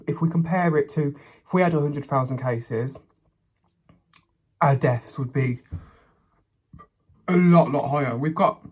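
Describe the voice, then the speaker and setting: A man, a mukbang vlogger chatting casually and a little sassily while he eats, sometimes talking with his mouth full. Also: a little high. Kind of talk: casual chat while eating.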